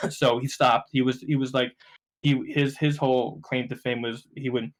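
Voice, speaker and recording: A man's voice: medium pitch, normal speed. A young man, a podcast guest telling stories casually, swearing freely and acting out the voices of people he quotes. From New Jersey. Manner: profane, animated, acts out quoted voices. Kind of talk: casual storytelling.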